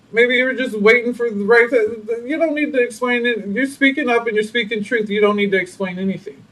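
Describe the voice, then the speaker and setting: A man with a high, light voice gives a casual tarot reading, full of sass, playful attitude and frequent laughter. The mic sits some way off, so he sounds distant. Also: a little fast. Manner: sassy and animated, laughs often. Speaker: tarot reader.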